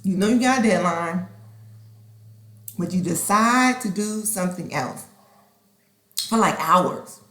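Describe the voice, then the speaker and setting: A woman hosting a podcast in a casual, expressive monologue. She acts out conversations and sometimes slips into a whisper. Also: fairly low pitch, slow, pauses often. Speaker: podcast host. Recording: roomy echo.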